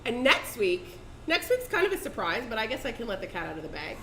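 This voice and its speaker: A woman hosting a cooking show in a kitchen studio, chatting casually and bubbly, quick to laugh and repeat her guest. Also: fairly high pitch, very animated. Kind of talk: casual chat. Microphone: condenser mic. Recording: echoey room, faint background noise.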